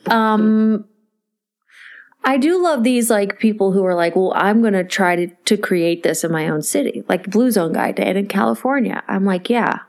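A woman's voice: mid-range voice, normal speed. A woman co-hosting a podcast in casual chat, a mother telling stories and acting out the quotes. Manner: animated storyteller, acts out quotes. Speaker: podcast co-host.

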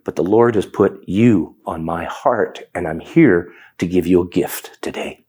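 Middle-aged canadian guy, low husky voice, slow reflective testimony. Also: darkish tone. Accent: Canadian English. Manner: reflective storytelling. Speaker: testimony speaker. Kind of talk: personal testimony.

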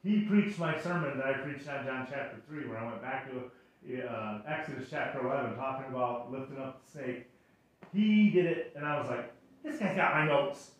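A male pastor with a mid-range voice speaks at a moderate pace, delivering a conversational sermon full of stories, playful acted-out voices and self-deprecating humor. He's in a church sanctuary, recorded in an echoey room with the mic far from him.

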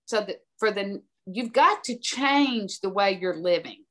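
A woman's voice: medium pitch, animated, measured pace. Emphatic older woman telling stories. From American South. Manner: emphatic, storytelling, direct. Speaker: podcast guest. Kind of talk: conversational advice.

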